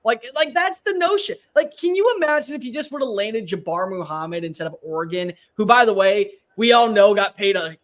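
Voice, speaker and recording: A man co-hosting a sports talk show, giving emphatic, rapid-fire opinions in a casual chat. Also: sits high, expressive, fairly bright tone.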